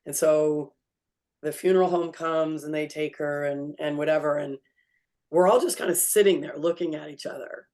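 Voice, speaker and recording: A woman co-hosting a podcast, telling a personal story in an animated way with laughter and free swearing. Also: low voice, moderate pace. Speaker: podcast co-host. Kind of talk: casual storytelling chat.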